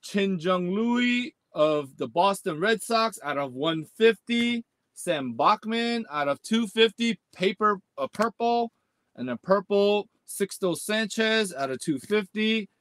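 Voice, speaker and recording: A man hosting a live sports card break stream. He talks in slangy bursts, groans and shouts at the pulls, and rattles off the hits in a list. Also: high voice, no echo. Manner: slangy, repeats "man" and "let's go".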